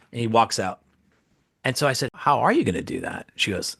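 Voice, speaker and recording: A man's voice: fairly quick, vocal fry, slightly rough, no echo, studio quality. A man, an actor and comedian, telling a story casually and acting out the quotes with big jumps in his voice. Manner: animated, acts out quotes with big pitch jumps.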